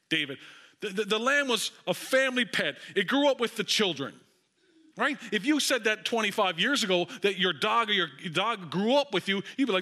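A man preaching a sermon as pastor in a church, telling a story with lively asides to the congregation. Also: sits high, a little fast.

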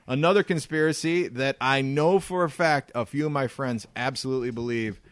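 A man at middle pitch co-hosting a casual podcast. His voice sits close and dry, with no room around it. He talks in an animated way and laughs often. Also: brisk, no room sound. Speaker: podcast co-host.

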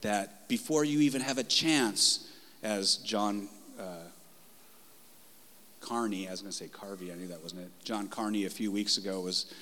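A male pastor preaching a passionate, conversational sermon in a church, moving between loud and soft delivery. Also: lowish voice, normal speed, in a large hall. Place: church sanctuary.

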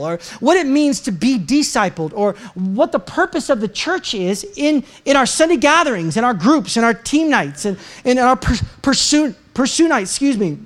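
An American pastor delivering a sermon, telling a personal story with self-deprecating humor and animated delivery. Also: high-pitched. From United States.

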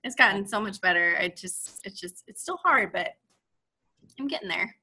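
A woman guest on a podcast, soft-spoken and reflective in casual chat. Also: medium pitch, lively intonation, normal speed.

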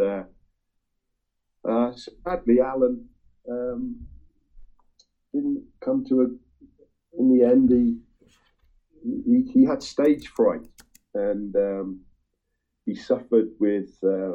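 A man chatting casually with friends about a song, talking in a halting way with lots of ums and restarts. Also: on the low side. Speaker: music-sharing group member. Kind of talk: casual chat. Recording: tinny phone-like line.

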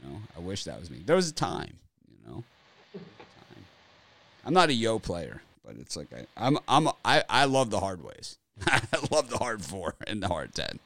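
A man's voice: fairly low pitch, wildly swooping pitch, a little slow, gravelly, a bit bright, no room sound. A man hosting a casual sports betting show over a video call, joking and rambling as he teases his co-hosts. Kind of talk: casual banter podcast.

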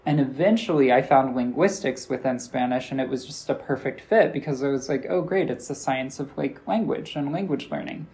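An American man talks through an interview at an ordinary middle pitch, loose and conversational. He strings his thoughts together with fillers and slips into quoting people as he tells a story. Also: brisk, hardly any pauses, a little mellow. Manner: chatty storyteller, acts out quoted dialogue, many "like" fillers. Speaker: interview guest, linguistics professor. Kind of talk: casual interview answers.

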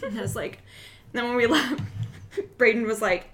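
A woman co-hosting a podcast in casual chat, telling animated stories full of "like" and swearing. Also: on the high side, normal speed. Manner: animated storyteller, lots of "like", swearing. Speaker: podcast co-host.

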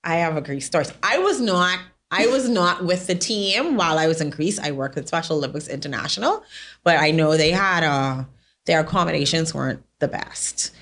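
A woman with a notably low voice chats as a podcast guest. She talks through her stories casually and laughs often. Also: lively intonation, brisk, a bit bright. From The Bahamas. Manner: chatty storyteller, laughs often. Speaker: podcast guest, sports volunteer. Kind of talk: casual chat.

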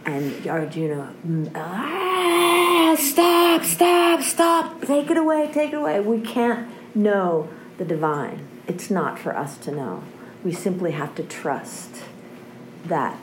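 A woman's voice: sits low, background noise. A woman giving an impassioned personal testimony about recovery, earnest and often checking in with a questioning "right?". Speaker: speaker sharing a recovery story.

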